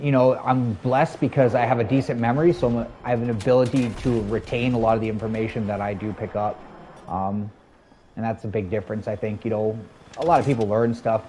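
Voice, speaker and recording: A man's voice: on the low side, steady tone, fairly quick, mellow, a little hiss or hum. A man chatting casually with his live-stream viewers while he plays a shooter game, rambling in a friendly way from topic to topic. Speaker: gaming streamer.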